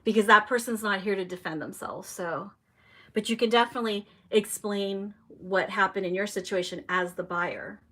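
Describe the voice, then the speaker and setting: A young adult woman hosts a live stream casually, speaking at a normal speed in a mid-range voice. She's chatty, reads viewer comments out loud, and reacts with animation.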